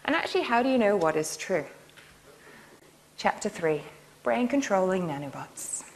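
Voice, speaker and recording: A woman's voice: mid-range voice, sing-song, normal speed, a little hiss or hum. A woman nanotechnologist giving a public lecture in a university hall, telling stories in a playful, enthusiastic way. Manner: playful, enthusiastic storytelling with laughs.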